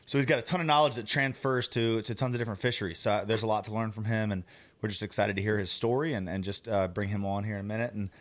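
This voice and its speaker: Fast, low-voiced fishing-show host. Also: male voice, fairly even intonation. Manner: eager, halting, with repeated words. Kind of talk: casual live-stream intro.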